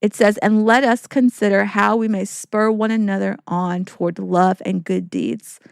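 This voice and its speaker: A woman's voice: medium pitch, steady tone, normal speed, creaky, clean tone, dry recording, clean studio sound. A woman hosting a faith-based podcast, talking in an earnest, encouraging way with preacherly repetition. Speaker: podcast host.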